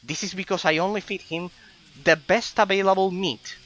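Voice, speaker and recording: A man's voice: steady tone, moderate pace, fairly bright tone, faint music behind, low-quality recording. A man reading aloud the quest lines of a proud female lizard keeper, raising his voice above his usual tone. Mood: boastful. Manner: reads quest text aloud, lifting his pitch.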